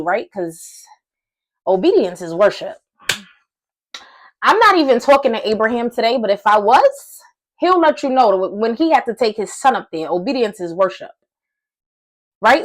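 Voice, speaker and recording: A woman giving a casual, animated Christian teaching to camera, chatty and excitable, calling her listeners y'all. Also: fairly high pitch, moderate pace, pauses often. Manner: conversational slang, addresses viewers as y'all.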